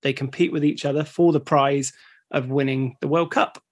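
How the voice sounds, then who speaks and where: A man's voice: mid-range voice, steady tone, moderate pace. A man co-hosting a podcast in an upbeat, casual way, laughing often and agreeing readily. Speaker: podcast co-host. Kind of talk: casual chat.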